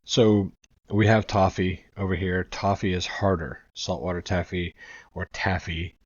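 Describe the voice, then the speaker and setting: A man's voice: deep voice, level tone, unhurried, no echo, lo-fi sound. A man from New England, a reaction video host, talking in a chatty, rambling way and swearing casually. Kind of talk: casual commentary.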